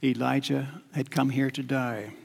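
Gravelly-voiced man preaching a sermon. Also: medium pitch, fairly even intonation. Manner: measured, repetitive, dropping to quiet emphasis. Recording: long hall reverb.

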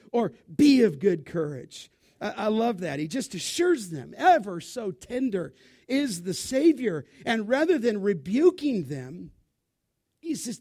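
High-voiced emphatic preacher man. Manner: emphatic, calls out questions to the congregation; swings between loud bursts and quiet asides. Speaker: pastor. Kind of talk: sermon.

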